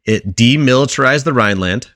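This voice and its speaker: This young podcast co-host runs a history segment for his friends, speaking briskly in a slightly bright mid-range voice. He rambles with frequent fillers and restarts and keeps asking quiz questions, recorded at studio quality with no echo.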